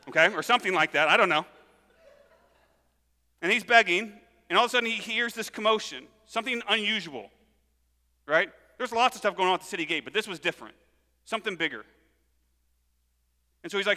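A man preaching a sermon, reading scripture and retelling it with animated storytelling and acted-out voices. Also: high-pitched, a little fast, long pauses, long reverb tail. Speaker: pastor.

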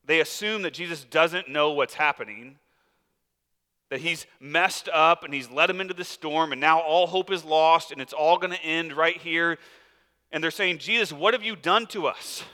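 A man's voice: fairly high pitch, fairly even intonation, normal speed, bright, forceful tone, clean tone, in a large hall. A man preaching a sermon as a pastor, in a casual, conversational way with many fillers.

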